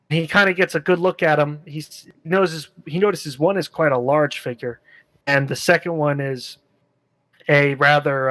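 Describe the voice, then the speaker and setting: A man runs a tabletop game, narrating in a relaxed, rambling way and filling pauses with "uh" and "um". His voice sits a little high, and the sound is dry and close. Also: dry recording, poor audio. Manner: relaxed, rambling, many fillers. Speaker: game master.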